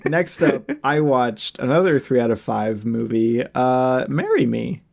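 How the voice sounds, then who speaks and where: A man's voice: mid-range voice, animated, unhurried, vocal fry, a little mellow. A man co-hosting a casual movie review chat, upbeat and playful, laughing often as he teases his co-host. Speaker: podcast co-host.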